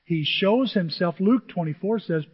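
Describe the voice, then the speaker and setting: A male pastor preaching a sermon to his church, animated and emotional, often jumping into excited high exclamations. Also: moderate pace, husky. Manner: self-described emotional. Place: church sanctuary with a screen. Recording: dull, long hall reverb.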